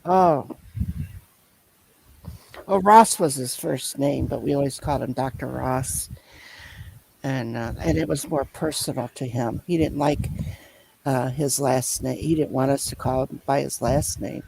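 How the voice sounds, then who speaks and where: A man telling a long personal story in casual chat, rambling and halting as he loops back over his points. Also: medium pitch, creaky, darkish tone, husky, poor audio. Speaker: storyteller in a conversation.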